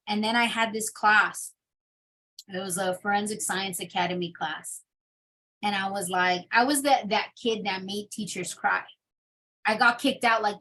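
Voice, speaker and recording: A young adult woman telling her personal testimony in an interview, in a casual, animated storytelling manner. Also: mid-range voice. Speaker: interview guest.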